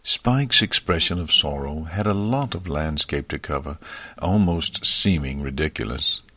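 Deep-voiced man narrating a story. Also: expressive, measured pace, bright, forceful tone, dry recording. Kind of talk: audiobook fiction reading.

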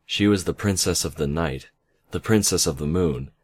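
A man's voice: low voice, normal speed, husky. A man reading a fan story aloud, with casual asides and self-corrections. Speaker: reader.

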